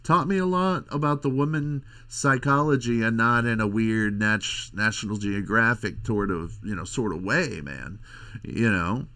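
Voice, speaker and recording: A middle-aged man hosting a podcast, rambling in a crude, halting casual monologue. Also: fairly low pitch, bright, forceful tone. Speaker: podcast host.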